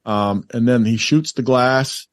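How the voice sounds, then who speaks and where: A man's voice: medium pitch, a little slow, dry recording, studio quality. A man co-hosting a podcast, chatting about a movie in a rambling, enthusiastic way. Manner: rambling, enthusiastic, lots of fillers. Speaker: podcast co-host. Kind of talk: casual movie chat.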